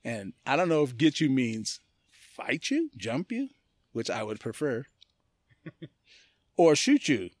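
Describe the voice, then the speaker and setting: Man from California, podcast guest, animated storyteller, mid-pitched voice, dry close sound. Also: no echo. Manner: animated, acts out other people's lines in quick voices; laughs often through his story. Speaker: podcast guest, martial arts gym owner. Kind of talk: casual storytelling.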